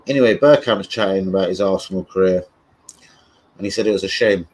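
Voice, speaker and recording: Husky sweary football streamer. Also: male voice, sits low, fast talker, a little mellow, rough recording. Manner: rambling, sweary, loses his thread. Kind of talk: casual livestream chat.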